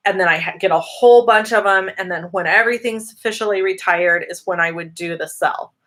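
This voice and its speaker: In a brisk, mid-range, fairly bright voice, a woman hosts a relaxed live Q&A stream. She stays chatty and upbeat, reading viewers' questions aloud and answering each one.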